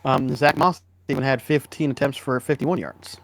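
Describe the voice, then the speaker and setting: An easygoing man with a middle-pitched voice talks through game results on a casual podcast. He hums and thinks aloud as he goes. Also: fairly even intonation, moderate pace. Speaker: podcast co-host. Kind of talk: casual sports podcast chat.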